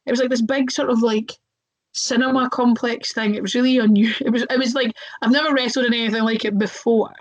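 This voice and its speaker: A woman's voice: a little high, fairly even intonation, fairly quick, low-quality recording. A young woman, a wrestler, telling stories casually in an interview, chatty, with lots of fillers and voices acted out.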